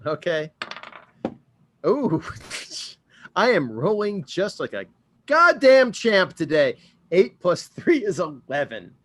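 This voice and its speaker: A man playing a tabletop game, joking and animated as he describes his moves and rolls. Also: high-pitched, takes it slowly, long pauses. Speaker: player. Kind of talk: casual tabletop play.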